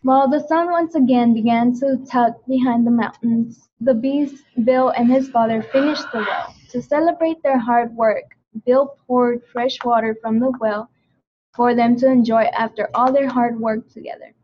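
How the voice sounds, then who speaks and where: A woman's voice: fairly high pitch, fairly even intonation, normal speed. Woman carefully reading a children's story. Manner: careful reading with small slips and restarts. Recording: dull lo-fi recording.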